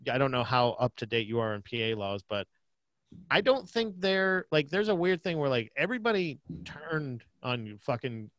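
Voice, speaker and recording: A man from Pennsylvania co-hosts a podcast, chatting loosely and joking, swearing freely. His voice sits at an ordinary middle pitch. He is recorded close on a dry mic with no room sound. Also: very animated, normal speed, a bit bright, no echo. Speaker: podcast co-host. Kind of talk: casual chat.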